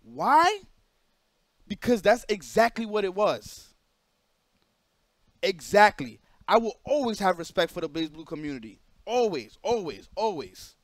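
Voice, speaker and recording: A high-pitched man rants a story to his stream chat, repeating himself for emphasis and slipping into other people's voices. The sound is dry and close, with no room around it. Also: sing-song, a little slow, dry recording.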